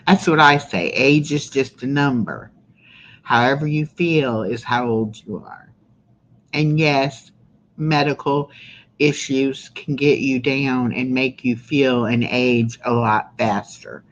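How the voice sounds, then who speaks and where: A woman's voice: rumbling low, slow, slight background noise. Woman, 60s, live-stream host; rambling, chatty delivery full of fillers; slightly dull lo-fi audio. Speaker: livestream host. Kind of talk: casual live-stream chat.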